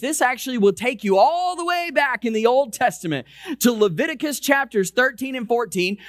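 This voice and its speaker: A man with a high voice preaches a conversational sermon in a church. He stretches out and lowers key phrases for weight. The sound is dry and close, with little room echo. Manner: slows and lowers voice for emphasis; conversational preaching with repeated restarts. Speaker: pastor. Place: church sanctuary.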